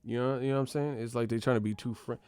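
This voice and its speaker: A man's voice: medium pitch, steady tone, racing, a little mellow, smooth, no echo. A man hosting a boxing channel, ranting casually with profane, mocking, slang-heavy talk. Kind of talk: casual rant to camera.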